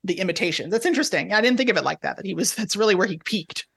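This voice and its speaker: Man, casual podcast co-host, dry self-mocking humor, slightly husky tone. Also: sits high, animated, rapid-fire, fairly bright tone. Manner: wry, self-deprecating, rambling asides. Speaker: podcast co-host, tennis editor.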